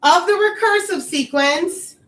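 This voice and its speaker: A woman's voice: very high-pitched, a little slow, a bit bright, a little hiss or hum. A woman teaching a math class, explaining each step patiently, recorded from across an echoey classroom. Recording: echoey classroom, far mic.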